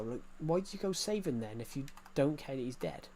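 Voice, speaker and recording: A man's voice: mid-range voice, lively intonation, fairly quick, warm tone, slight background noise. A young man with an English accent chatting casually on a game stream, rambling with many restarts and fillers. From England. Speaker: gaming streamer. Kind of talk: casual live-stream chat.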